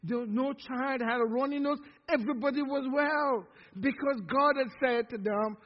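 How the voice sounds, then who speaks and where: Male pastor, sermon with call-and-response, drawn-out emphatic words, reverberant church hall. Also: very high voice, muffled recording. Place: church sanctuary.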